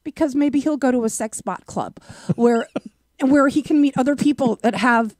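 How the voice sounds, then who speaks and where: A woman from the American Midwest co-hosting a live stream, teasing and animated, often breaking into laughter. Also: sits high, moderate pace, no echo. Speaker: co-host. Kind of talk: casual live-stream banter.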